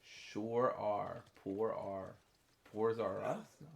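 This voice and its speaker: A man's voice: lowish voice, fairly even intonation, takes it slowly, gravelly. A man streaming a game, joking and laughing as he chats with his partner. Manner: jokey, laughs often, teasing banter. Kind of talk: casual gameplay commentary.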